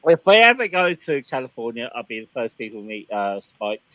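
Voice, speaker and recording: A man chatting on an online panel, joking around in slang and breaking into loud laughing outbursts. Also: mid-range voice, big pitch swings, a little fast, no room sound, lo-fi sound. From Scotland (family). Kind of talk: casual online panel chat.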